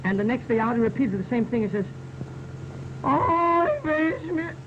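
A vaudeville comedian telling jokes in a stage monologue, with hesitant asides between the punchlines. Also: male voice, sits high, fairly even intonation, rapid-fire, background noise. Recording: muffled 1920s sound-film recording with music.

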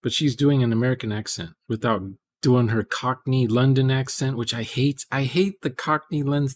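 A man's voice: mid-range voice, fairly even intonation, normal speed. A man hosting a programming livestream, rambling in casual chat and muttering to himself as he codes. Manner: rambling, muttering asides while coding.

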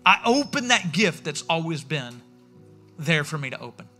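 A man's voice: fairly high pitch, big pitch swings, moderate pace, pushed and bright, faint music behind. A man, a pastor giving a sermon in a conversational, storytelling way, acting out the voices he quotes. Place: church sanctuary.

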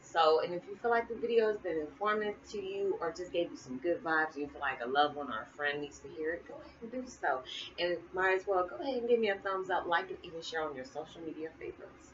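A tired middle-aged woman chatting casually to her viewers, colloquial and quick to laugh. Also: on the low side, animated. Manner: chatty, laughs often, colloquial Southern-leaning speech. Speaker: spiritual vlogger. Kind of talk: casual chat to camera. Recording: muffled with noticeable background hiss.

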